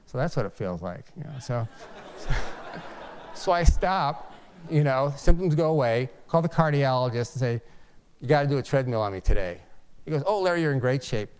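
A man in his sixties, a physician, gives a personal testimony. His voice is smooth and resonant, and his pitch sits in an ordinary middle range. He talks earnestly and haltingly, often stopping to restart a sentence. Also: darkish tone.

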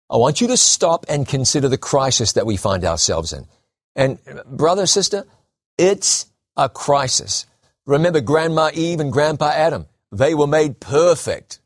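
A man preaching a sermon, emphatic, slowing down and repeating key phrases for stress. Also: medium pitch, no echo, clean studio sound.

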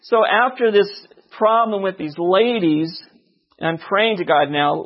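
Speaking a little slowly in a high voice, a man shares his personal testimony as a lay preacher during a sermon, frequently checking in with listeners by asking "okay?". The recording has its highs cut off.

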